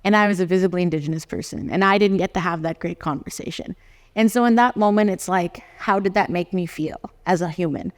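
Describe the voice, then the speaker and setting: Animated lawyer in an echoing hall. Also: mid-range voice, a little fast. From Canada. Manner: animated storyteller who acts out dialogues and often laughs. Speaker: lawyer giving a conference talk. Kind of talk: conference talk with personal stories. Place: conference hall. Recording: long hall reverb.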